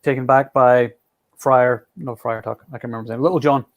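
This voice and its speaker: A man's voice: medium pitch, steady tone, brisk, muffled recording. A man with a Scottish accent hosting a casual chat. He rambles and restarts his sentences often. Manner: rambling, with many restarts and fillers. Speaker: podcast host.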